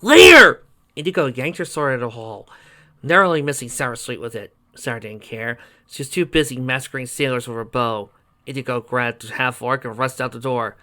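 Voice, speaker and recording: A man narrating a fan fiction story in an even, steady way. His voice is bright and forward, at a mid pitch for a man. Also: a little fast. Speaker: reader.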